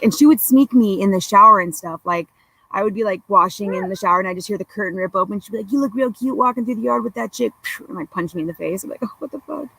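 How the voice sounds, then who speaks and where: A woman's voice: on the low side, sharp tone, rough recording. A young woman guest on a podcast, telling stories in a blunt, profane, rambling way full of fillers. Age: young adult. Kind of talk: casual storytelling chat.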